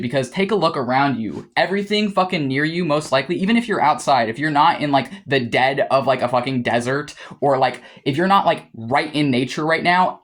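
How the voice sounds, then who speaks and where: A young man talks straight to camera in a casual, rambling monologue. His delivery is heated and full of swearing, and he often stops and restarts his sentences. His pitch sits in an ordinary middle range for a man. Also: a bit bright. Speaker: vlogger.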